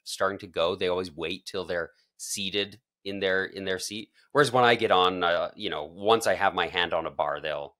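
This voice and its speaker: A man's voice: deep voice, normal speed, few pauses, sharp tone. A man co-hosting a podcast, chatting casually and animatedly, often breaking into laughter. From Canada. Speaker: podcast co-host. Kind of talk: casual chat.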